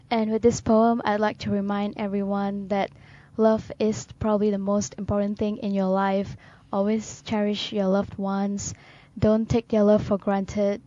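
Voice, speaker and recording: A woman co-hosting a radio talk show, reading poems aloud in a measured, solemn way. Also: medium pitch, mellow, no room sound, highs cut off.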